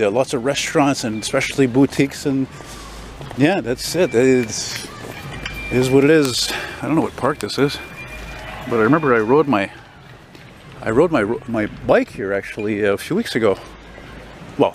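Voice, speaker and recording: An older man vlogging as he walks a city street, rambling and opinionated, a self-described loudmouth. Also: medium pitch. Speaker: walking vlogger. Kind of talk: casual walking commentary. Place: city street outdoors, walking. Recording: street noise behind.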